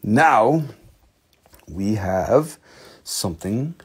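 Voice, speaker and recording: Fairly low in pitch and husky, the young host of this live mineral-selling stream sounds expressive and draws out his words. He teases, jokes, swears offhandedly and breaks into silly put-on voices.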